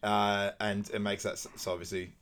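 Easygoing man with a low voice. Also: flat delivery, normal speed, a little hiss or hum. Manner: easygoing, trails off quietly, stumbles and laughs at himself. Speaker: podcast co-host. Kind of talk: casual chat recapping a film.

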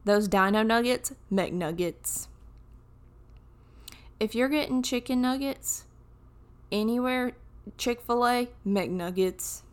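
Slow, smooth-voiced young woman podcaster. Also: on the high side, steady tone. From United States. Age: 20s. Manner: chatty, jokey, wandering tangents. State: groggy morning voice. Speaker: podcast host. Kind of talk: casual solo podcast chat.

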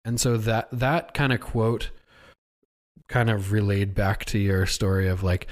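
A man with a low voice hosts a podcast in casual chat. He speaks in an earnest, reflective way and ties ideas back to earlier points, sometimes speeding through a phrase. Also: little pitch movement. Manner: reflective and earnest, sums up ideas, some quick stretches. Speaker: podcast host, realtor.

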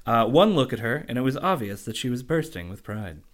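A man's voice: mid-range voice, expressive, fairly quick. A man co-hosting a comedy podcast, reading a sentimental story aloud and mocking it with profane jokes.

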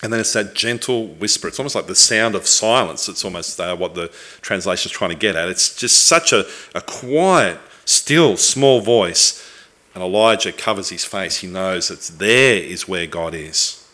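A man preaching a sermon, earnest and reflective, with thoughtful pauses and the odd restart. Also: low voice, lively intonation, bright, forceful tone.

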